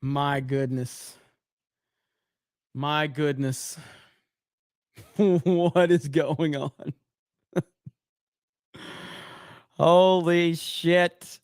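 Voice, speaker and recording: A man hosting a casual livestream, reading chat messages aloud and reacting in excitable, profane bursts that drop into low mutters. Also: very slow, pauses often, clean tone, dry recording, clean studio sound. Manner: excitable and profane, swings between loud outbursts and low mutters. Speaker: livestream host.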